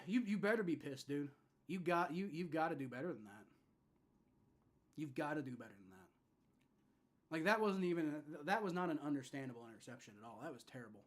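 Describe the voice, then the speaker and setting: A young man hosting a live fan reaction stream with play-by-play, frustrated and swearing, dropping to low mutters and rising to shouts. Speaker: livestream reaction host.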